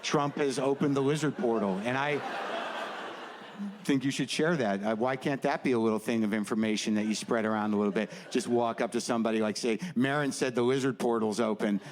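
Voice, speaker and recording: A man's voice: mid-range voice, fairly even intonation, a little fast, a little hiss or hum. A man performing a stand-up routine on stage, rambling with sardonic asides and a ranting delivery. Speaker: stand-up comedian. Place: comedy stage before a live audience. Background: faint audience laughter and ambience.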